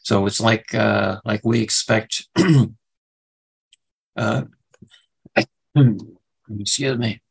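A middle-aged man teaches scripture in a gravelly, slightly low voice. He halts often with fillers and restarts, then lifts his pitch to stress key words. His tone stays husky throughout. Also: steady tone, drawn-out words, pauses often, poor audio. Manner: hesitant, many fillers and restarts; rises in pitch when stressing verses. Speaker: Bible teacher. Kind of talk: Bible study lesson.

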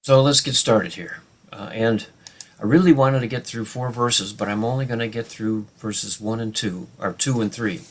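A man teaching a Bible study lesson off the cuff, pausing and restarting often with many fillers. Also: fairly low pitch.

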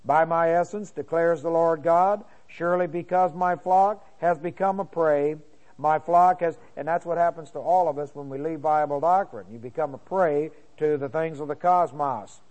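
A man's voice: fairly high pitch, normal speed, darkish tone, highs cut off. A man as pastor teaching a sermon verse by verse, reading scripture aloud and breaking in with comments, with many fillers and restarts.

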